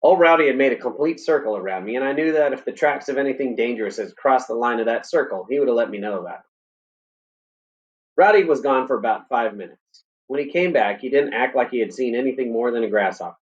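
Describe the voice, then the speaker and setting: A male teacher reading a novel aloud in a steady, plain way, with small stumbles and brief teaching asides. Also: mid-range voice, quick pace, highs cut off.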